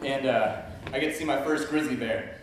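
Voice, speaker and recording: A man's voice: medium pitch, fairly quick. A man from Texas telling a personal travel story on stage, easygoing and wry. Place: stage at a live storytelling event. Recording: echoey hall, distant mic, faint noise.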